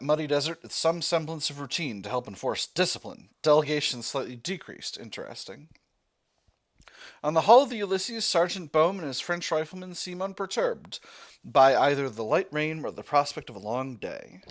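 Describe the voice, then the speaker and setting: A man with a slightly high voice reads a text adventure game aloud, narrating each scene in turn. He drifts into loose, rambling asides and corrects himself as he goes. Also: animated, moderate pace.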